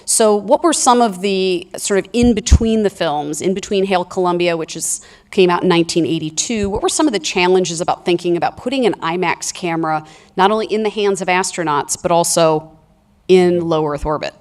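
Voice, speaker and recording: A woman moderating a panel, asking long, measured questions. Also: on the low side.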